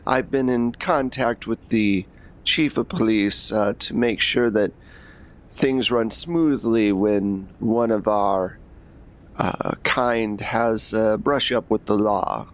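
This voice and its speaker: A man voicing a calm male vampire official, talking about police relations. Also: on the low side, takes it slowly. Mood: businesslike.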